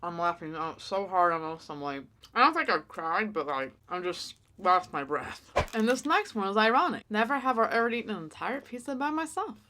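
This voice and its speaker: A woman's voice: medium pitch, animated, fairly quick, few pauses, bright, forceful tone, a little hiss or hum. A woman hosting an eating show, chatting casually and rambling with lots of fillers. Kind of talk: casual chat while eating.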